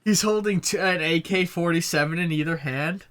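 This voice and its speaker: Male game master, casual narrator, a touch higher-pitched than most; relaxed, joking, loose delivery. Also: normal speed, clean tone. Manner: casual, laughing, trying on character voices. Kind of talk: narrating a tabletop game over voice chat.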